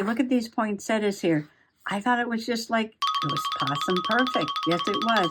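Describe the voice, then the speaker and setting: A middle-aged woman chatting casually to herself while journaling and crafting, giggling often as she goes. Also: mid-range voice. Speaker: journaling vlogger.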